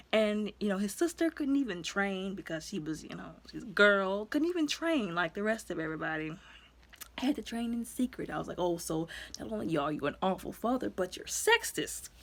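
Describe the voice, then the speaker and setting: A woman's voice: mid-range voice, sing-song, moderate pace. A woman giving a casual, chatty movie review, acting out the characters' lines as she retells the story.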